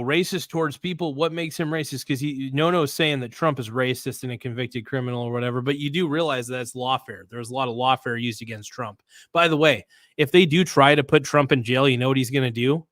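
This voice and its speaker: A man's voice: mid-range voice, a bit bright, no echo, clean studio sound. A man hosting a casual livestream, talking bluntly with slang and swearing, reading viewer comments aloud and rambling through restarts. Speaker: livestream host.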